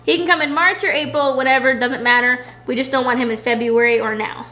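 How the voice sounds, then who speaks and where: Bright, high-voiced chatty woman. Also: steady tone, quick pace. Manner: chatty and rambling, many "like"s. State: pregnant. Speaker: vlogger answering viewer questions. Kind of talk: casual Q&A chat. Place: home.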